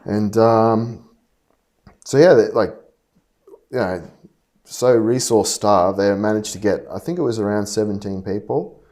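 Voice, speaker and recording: A man telling a personal story in a rambling, halting way, frustrated and full of fillers and restarts. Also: lowish voice, a little mellow. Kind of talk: casual personal monologue.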